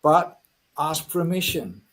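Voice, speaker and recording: A man's voice: a little high, animated, takes it slowly, a bit bright. A man, a guest hypnotist on a podcast video call, giving direct, earnest advice and leading a hypnosis session.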